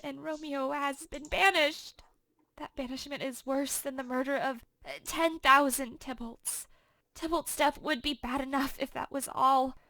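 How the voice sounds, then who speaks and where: A woman's voice: high voice, a bit bright, no room sound, voice pushed up. A woman reading as a passionate, distraught young teenage girl in a dramatic reading for a class. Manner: emotional dramatic reading in modern paraphrase.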